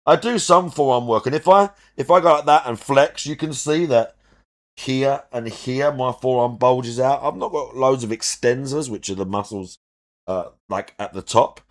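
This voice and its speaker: A man's voice: mid-range voice, normal speed. Man critiquing and explaining at length. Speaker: reaction host. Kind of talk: reaction commentary.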